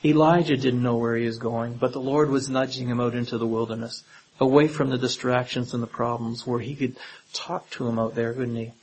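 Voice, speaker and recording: A man's voice: medium pitch, flat delivery, brisk, darkish tone, husky, low-quality recording. A man preaching a sermon in a conversational way, often turning statements into questions for his listeners.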